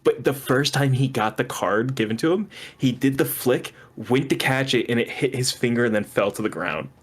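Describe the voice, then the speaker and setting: A man's voice: mid-range voice, expressive, normal speed, breathy edge. A man co-hosting a podcast, explaining film trivia in a casual, giggly way. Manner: giggly, explains movie trivia with frequent laughs. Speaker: podcast co-host. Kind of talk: casual movie chat.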